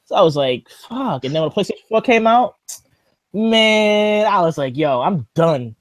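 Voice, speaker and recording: A man's voice: high-pitched, moderate pace, no echo. A man rants on a podcast in casual chat, his voice leaping up and down as he grows heated. He swears freely and calls himself skeptical and paranoid. The mic is close and dry. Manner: animated ranting, swears freely, mimics friends. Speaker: podcast host.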